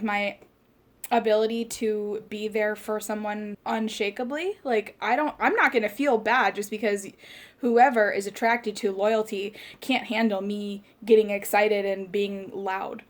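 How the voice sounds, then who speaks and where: A woman in her late twenties hosting a podcast. She talks in a rambling, passionate, casual way, with lots of "like" fillers and quick bursts. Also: medium pitch. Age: late 20s. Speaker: podcast host. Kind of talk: casual life chat.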